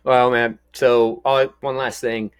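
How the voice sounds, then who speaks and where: A man's voice: medium pitch, little pitch movement, slow, clear, resonant tone, no echo. A middle-aged man from Texas, co-hosting a podcast in casual, rambling chat full of stories and jokes. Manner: rambling, storytelling, jokey. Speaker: podcast co-host.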